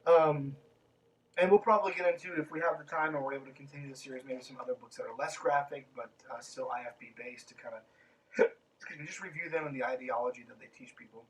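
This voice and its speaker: A man's voice: medium pitch, fast, recorded from a distance, slight background noise, rough recording. A man hosting a podcast, reading a book aloud and breaking off into snarky, sarcastic commentary with plenty of swearing.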